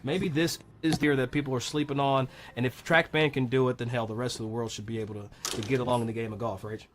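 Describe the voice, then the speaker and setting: A man doing live golf commentary, chatty and excitable, cracking jokes with his co-host. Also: medium pitch, fast talker.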